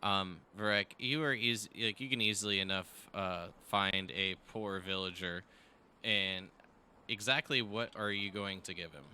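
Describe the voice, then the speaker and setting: A man's voice: on the low side, measured pace, pushed and bright, a little hiss or hum. A man running a tabletop game as game master over voice chat, hesitant and full of fillers, laughing easily.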